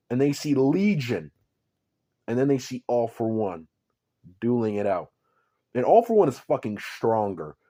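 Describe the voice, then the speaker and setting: A man's voice: medium pitch, warm tone. A man telling an improvised fan-fiction story in a rambling, profane, offhand way.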